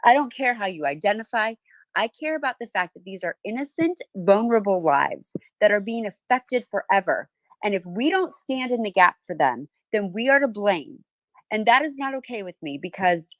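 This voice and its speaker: A woman's voice: mid-range voice, no echo. A woman hosting a podcast, talking in an emphatic, impassioned way. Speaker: podcast host. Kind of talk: casual chat.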